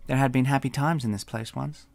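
A man narrating his own novel as an audiobook in a wry, expressive storytelling manner. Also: medium pitch, fairly quick, creaky, no room sound. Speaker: author and narrator.

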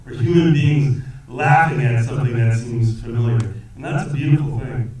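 A man answering audience questions as a film actor at a cinema Q&A, talking in a rambling, lively way and laughing often. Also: medium pitch, normal speed, crowd noise. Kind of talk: conversational Q&A answers. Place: cinema auditorium. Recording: echoey theater from a distance with audience.

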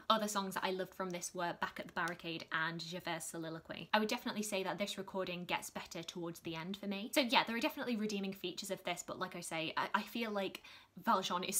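A woman talks quickly through her review of musical theatre recordings, chatty and frank. Her voice is bright and forward, with plenty of enthusiasm in how she puts her opinions across. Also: mid-range voice. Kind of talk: opinionated casual review to camera.

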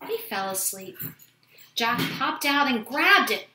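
Expressive woman reading a children's story. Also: sits high, unhurried, roomy sound. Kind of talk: children's story read-aloud. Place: home room with dogs.

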